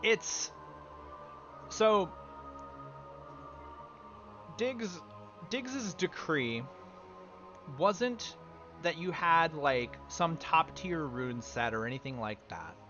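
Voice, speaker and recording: A man chatting on a game livestream, rambling as he answers viewers between plays. His voice sits a little high with a sharp, bright edge. The recording is dull and lo-fi. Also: animated, drawn-out words, pauses often, faint music behind. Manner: rambling and talking back to chat. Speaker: game streamer. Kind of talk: casual livestream chat.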